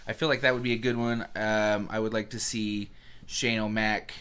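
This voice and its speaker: Dude cohosting a podcast, hyped up, swears a lot, goes on goofy mock rants. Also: male voice, lowish voice, normal speed, smooth. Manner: excitable, swears freely, does mock rants. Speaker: podcast co-host. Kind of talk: casual chat.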